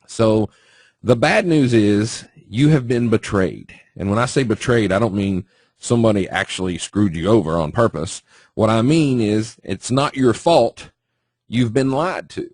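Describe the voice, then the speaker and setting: A man's voice: fairly low pitch, a little slow, a little mellow, no echo. A man teaching trading in a casual webinar, talking conversationally and asking the audience questions. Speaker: trading educator.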